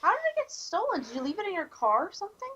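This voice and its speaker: A woman's voice: extremely high pitch, wildly swooping pitch, bright, forceful tone, dull audio, a little hiss or hum. A woman hosting a casual podcast chat, blunt and opinionated. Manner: blunt, opinionated, quick reactions. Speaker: podcast host.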